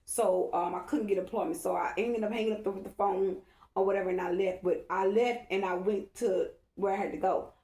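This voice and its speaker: A woman's voice: mid-range voice, fairly even intonation, a little fast, warm tone. Rambling woman in an echoey room. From Dallas-Fort Worth area, Texas. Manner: rambling, emphatic, repeats herself, often asks "okay?". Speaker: spiritual reader. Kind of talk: casual storytelling to her followers.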